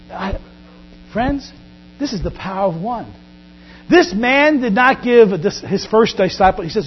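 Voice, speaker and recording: A man preaching a sermon as pastor, animated, often acting out Bible scenes in quoted voices. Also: sits high, normal speed. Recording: dull lo-fi recording with faint mains hum.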